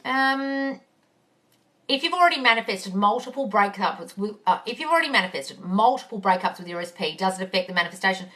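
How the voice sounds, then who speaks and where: A manifesting coach on a phone live stream reads viewer questions aloud and answers them bluntly and casually, calling everyone darling and swearing freely. Her voice is medium-pitched and brisk, with lively intonation and a sharp tone, and the mic sits at a distance.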